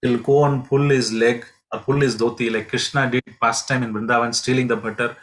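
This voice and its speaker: A man, teaching as a pilgrimage guide, telling devotional stories in a halting way with many fillers and restarts. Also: medium pitch, level tone, a bit bright, low-quality recording. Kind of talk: devotional storytelling lesson.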